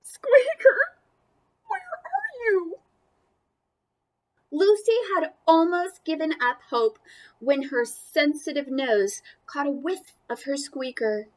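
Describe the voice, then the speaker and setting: A woman reading a picture book aloud to children, animated and playful, with chatty asides about the pictures. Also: high-pitched, a little slow. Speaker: storybook reader.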